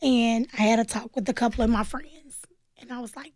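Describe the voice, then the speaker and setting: A woman's voice: on the high side, fairly quick, no echo. A woman, telling her own story as a guest in a radio interview and acting out the voices she quotes. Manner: animated, acts out quoted voices, plainspoken. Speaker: nonprofit founder, interview guest.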